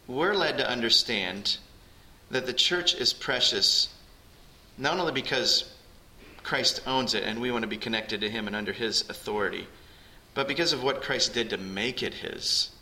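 Earnest pastor preaching in an echoey church. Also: male voice, mid-range voice, normal speed, bright, forceful tone. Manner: earnest, rising emphasis on key phrases. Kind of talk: sermon. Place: church sanctuary.

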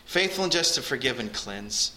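A male pastor delivers a sermon in an earnest, building manner. His voice is strikingly bright and cutting, at a middling pitch. He pushes up and presses harder whenever he reaches a point he wants to land. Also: animated, moderate pace, a little hiss or hum. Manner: earnest, rising emphasis on key phrases.

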